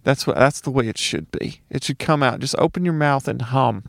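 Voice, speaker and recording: A man's voice: medium pitch, moderate pace, vocal fry, no room sound, clean studio sound. A man from Mississippi with a light Southern accent, doing a casual solo comedy monologue, ranting with profane, sarcastic asides.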